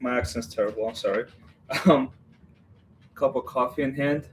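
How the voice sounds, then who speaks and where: A chatty man hosting a casual live stream, rambling between thoughts and laughing at himself as he goes. His voice sits at an ordinary middle pitch, with a faint hiss of background noise under it. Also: normal speed. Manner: greets viewers by name. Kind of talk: casual live-stream chat while building.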